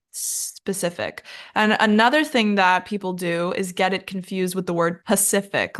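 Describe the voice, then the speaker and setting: A woman, possibly, teaching English pronunciation in a casual spoken lesson. She is chatty and self-mocking, drags out the words she models, and sounds worn out from recording several episodes in a row. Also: fairly low pitch. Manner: chatty, self-mocking, laughs at her own slips; slow, drawn-out model pronunciations.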